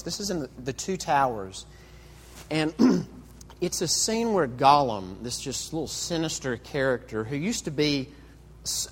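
A male pastor preaching a conversational sermon, full of rhetorical questions and quick restarts. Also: medium pitch, fairly bright tone, breathy edge. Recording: echoey hall with long reverb.

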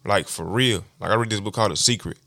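A young man rattles through a casual motivational monologue at a quick clip. His voice sits low, and he keeps tossing in slang and "you feel me". The sound is dry, with no room echo. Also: creaky, a bit bright. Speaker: podcast host.

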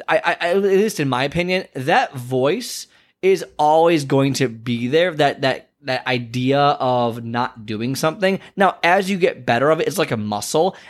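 A man who works as a fitness trainer and coach, giving an earnest motivational talk full of emphatic repetition. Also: medium pitch.

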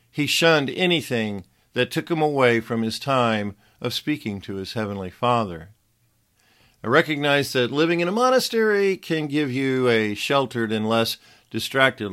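A man giving a scripted devotional Bible teaching in a measured, earnest voice, reading scripture passages aloud. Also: medium pitch, a bit bright, clear, resonant tone.

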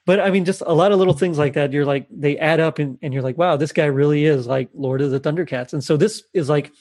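A man's voice: on the high side, quick pace, darkish tone, no room sound. Rambling man on a dry close mic. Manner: rambling, many fillers and restarts. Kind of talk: casual podcast chat.

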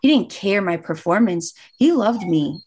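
A woman's voice: medium pitch, animated, a little slow, a little mellow, husky. A woman in her thirties, a guest, earnestly telling a personal story in casual conversation and acting out remembered dialogue.

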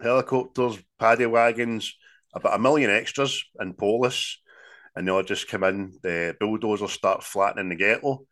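A man's voice: fairly low pitch, moderate pace. A Scottish man co-hosting a casual film review chat, telling the plot with swearing and laughter. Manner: sweary, laughing, animated retelling. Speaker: podcast co-host.

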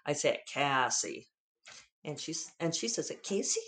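Podcast host, Western US drawl, casual chat, candid, digressive, mid-pitched voice. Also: animated, a little fast. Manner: candid, digressive, freely profane.

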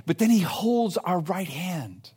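A man delivering a sermon, his voice sitting high for a man and moving a great deal in pitch. He preaches with emphasis and breaks into playful asides to the congregation. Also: expressive, takes it slowly, darkish tone, husky. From grew up in a city. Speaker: pastor.

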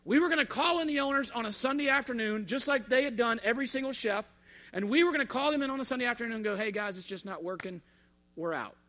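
A man telling a personal story in a casual, animated way and acting out the dialogue. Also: very high voice, racing. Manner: animated, acts out quoted dialogue.

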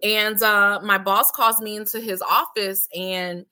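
A woman in her forties, an interview guest, telling a candid personal story in an animated way, acting out past conversations. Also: unhurried. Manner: animated, acts out past dialogue with big pitch jumps. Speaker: interview guest, healing center founder.

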